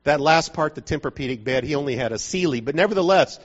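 A man's voice: a little high, animated, quick pace, husky. A man preaching a sermon in a conversational, joking way, often asking the listeners whether they are following, in a dull lo-fi recording from a church hall.

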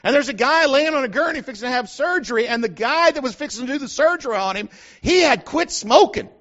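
Middle-aged man, very high voice, folksy preacher telling stories, dull lo-fi recording. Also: expressive, fast, a bit bright. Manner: folksy storyteller, acts out quotes. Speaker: pastor. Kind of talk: sermon with personal story. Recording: dull lo-fi sound.

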